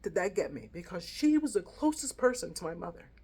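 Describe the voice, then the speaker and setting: A middle-aged woman talks to her channel in an earnest, reflective way, telling a personal family story. Her voice carries quiet emotion and lingers on the feelings behind her words. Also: lowish voice, big pitch swings, fairly quick, husky. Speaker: vlogger. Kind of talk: heartfelt personal vlog.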